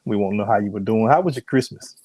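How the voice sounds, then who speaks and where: A sick man, his voice strained, hosts and ministers on a live-streamed broadcast, chatting loosely, greeting viewers by name, then praying and preaching. He speaks fast in a fairly low, slightly mellow voice with a breathy edge, and the recording is dry.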